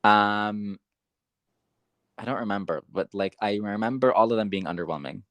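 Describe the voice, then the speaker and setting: A young man co-hosting a podcast, talking casually with lots of fillers, rambling and getting excited. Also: on the low side, moderate pace, dry recording. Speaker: podcast co-host. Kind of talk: casual chat.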